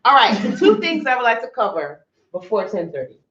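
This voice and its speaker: A woman's voice: a little high, moderate pace. Joking, profane woman on a roomy podcast. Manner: animated, jokey, swears freely. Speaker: podcast co-host. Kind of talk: casual chat. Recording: roomy, dull lo-fi sound.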